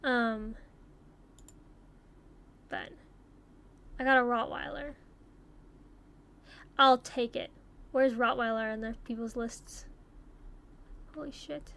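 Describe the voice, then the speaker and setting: A young woman chatting casually as she takes online quizzes, swearing freely and thinking out loud. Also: on the high side, steady tone, slow pace, long pauses. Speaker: YouTuber taking online quizzes. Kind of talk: casual commentary while playing.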